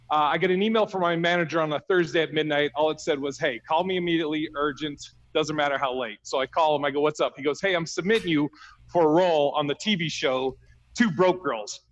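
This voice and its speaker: Guy doing standup over a video call, somewhat high voice, keeps cracking up at his own jokes and cursing. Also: fairly bright tone, muffled recording. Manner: laughs at his own punchlines, swears freely. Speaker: stand-up comedian. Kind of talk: stand-up storytelling set.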